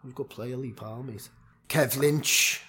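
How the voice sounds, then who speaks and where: A man's voice: medium pitch, moderate pace, pushed and bright, slightly rough. A man with a Liverpool accent, a former semi-pro footballer, telling blunt, sweary stories in a casual chat, with lots of fillers.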